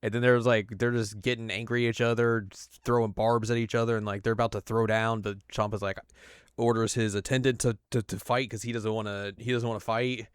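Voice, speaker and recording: A man's voice: medium pitch, clear, resonant tone, no room sound, clean studio sound. A man co-hosting a podcast, recapping an anime episode in casual chat and acting out bits of it. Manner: animated retelling with quick acted asides. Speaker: podcast co-host.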